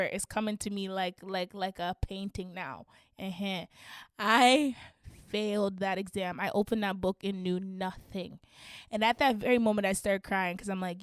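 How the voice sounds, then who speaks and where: A young woman from Canada telling a story on her podcast in casual slang, getting animated and shrieking at the funny parts. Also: medium pitch, clear, resonant tone, dry recording, studio quality. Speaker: podcast host.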